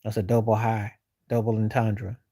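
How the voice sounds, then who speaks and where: A man's voice: fairly low pitch, level tone, moderate pace, mellow, no echo, clean studio sound. A man hosting a livestream, rambling loosely with slang while answering viewers in casual chat. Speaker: livestream host.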